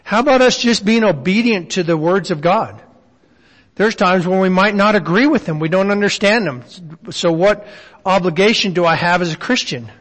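With lively intonation and a normal pace, a man whose voice is somewhat high and a bit bright teaches a Bible study. He talks easily and conversationally, frequently putting questions to his listeners, while the long reverb of a hall rings through the recording.

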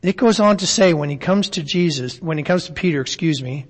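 A man's voice: on the high side, animated, fairly quick, in a large hall. A man teaching a Bible study in a conversational way, often asking his listeners questions.

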